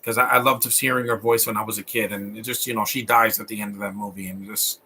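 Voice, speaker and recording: A man's voice: lowish voice, little pitch movement, fast talker, pushed and bright, a little hiss or hum. A man with a Latino accent hosting a live stream and chatting loosely about films, rambling and often restarting his sentences. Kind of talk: casual film commentary.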